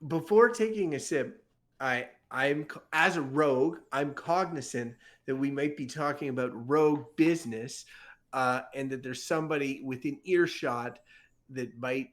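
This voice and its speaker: A man's voice: medium pitch, unhurried. A man describing his character's actions as a player, rambling and correcting himself.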